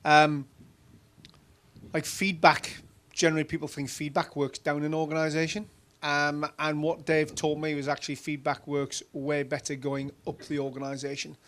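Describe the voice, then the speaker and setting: A middle-aged man with a Geordie accent from Newcastle, telling chatty, animated anecdotes on a conference stage, full of fillers. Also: fairly high pitch, moderate pace. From Newcastle, England. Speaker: keynote speaker.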